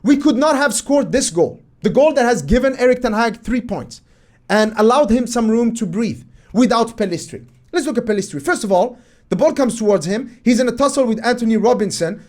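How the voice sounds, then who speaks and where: A man with a fairly high voice talks through match footage as a football analysis host. He is emphatic and opinionated and keeps firing exasperated rhetorical questions. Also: lively intonation, a little fast, a little mellow. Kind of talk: commentary over match footage.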